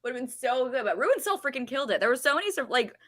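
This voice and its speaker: Bright excited woman podcast co-host. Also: sits high, rapid-fire. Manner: excited storytelling, frequent laughs, says freaking. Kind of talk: casual chat.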